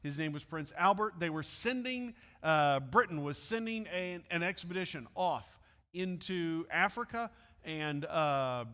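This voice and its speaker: Brief: Midwestern male church storyteller, chatty asides, slightly high voice, echoey hall. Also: lively intonation, a little slow, pushed and bright. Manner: friendly asides to listeners. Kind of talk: reading a missionary story aloud.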